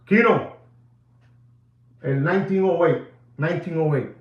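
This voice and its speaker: A man delivers a watch market update with theatrical energy, shifting from loud calls to hushed asides and sprinkling Spanish phrases into his English. His voice is a little high and unhurried, and the audio is dull and reverberant.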